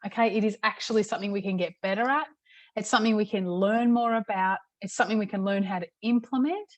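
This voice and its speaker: A middle-aged woman, a parenting coach, teaching in a casual, chatty way with many "okay"s and a slightly hoarse throat. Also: medium pitch, quick pace, no echo. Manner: chatty, repeats "okay" often. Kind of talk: casual talk-to-camera teaching.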